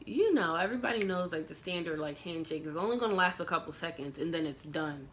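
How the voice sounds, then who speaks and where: A young woman tells a personal story straight to her vlog audience, her voice sitting on the low side. She talks in a loose, emotional ramble packed with "like" and "I'm just like," reliving the moment as she goes. There is a faint hiss of noise under her voice. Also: lively intonation, fast, fairly bright tone. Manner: emotional retelling, full of "like" fillers. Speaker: vlogger.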